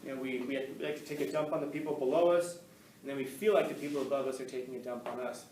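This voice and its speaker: A man's voice: medium pitch, quick pace, darkish tone, far from the mic, slight background noise. A man giving a casual talk to an audience, telling stories in a rambling, conversational way with frequent laughs and restarts. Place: room with an audience, recorded on camera. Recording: echoey room, voice from off-mic, faint ambience.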